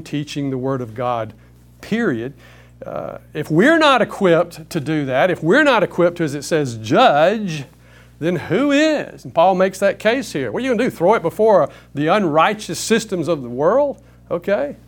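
Man, Bible teacher, emphatic, rhetorical questions, fairly high voice.

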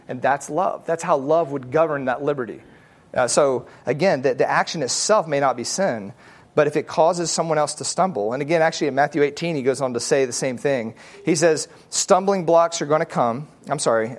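A man teaching a Bible study in an earnest, conversational way, repeating phrases for emphasis and often asking whether his point makes sense. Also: on the high side. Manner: earnest, checks in with listeners often.

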